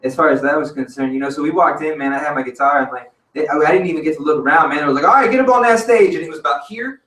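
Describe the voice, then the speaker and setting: A man's voice: a little high, racing, bright, forceful tone. Rambling man, casual storyteller full of swearing and slang, mic at a distance in an echoey cafe. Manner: profane, rambling, peppered with "man" and "dude". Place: cafe open mic stage. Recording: roomy venue audio from a distance.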